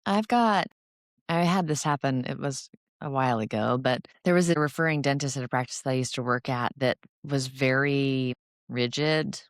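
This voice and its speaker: A woman's voice: very deep voice, moderate pace, no room sound, clean studio sound. A woman co-hosting a casual professional podcast chat as an oral surgeon, talking freely and acting out quotes from patients and colleagues.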